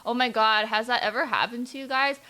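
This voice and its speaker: A young woman streamer chatting excitedly with her viewers while playing a story game. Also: on the high side, brisk. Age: young adult. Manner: excitable, gushing, talks to chat. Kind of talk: casual live game stream chat.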